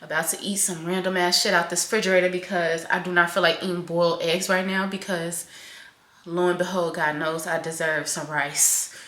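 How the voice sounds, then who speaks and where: Young woman, confessional vlogger, low but bright voice, curses a lot, loud then hushed, recorded in an echoey room. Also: flat delivery, normal speed. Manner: candid and emotional, swears often, swings from loud to soft. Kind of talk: raw confessional venting to camera. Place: home kitchen, in doors.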